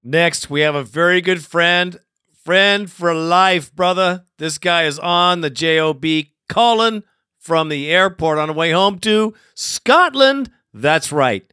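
A man hosting a fan call-in show, animated and fired up, swearing freely. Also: a little high, takes it slowly, clean tone, no echo, studio quality. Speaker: host.

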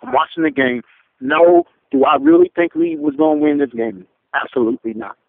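Gravelly, furious male caller on a phone line. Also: wildly swooping pitch, a little fast, no room sound. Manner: angry, profane, pitch jumping sharply. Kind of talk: fan call-in rant. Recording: dry tinny phone line.

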